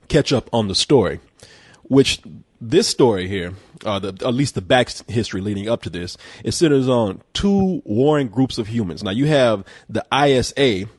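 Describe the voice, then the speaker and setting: Man, podcast host, joking, profane, mid pitch, dry close sound. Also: darkish tone, no echo. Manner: profane, joking, laughs often. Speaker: podcast host reviewing a game. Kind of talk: casual podcast banter.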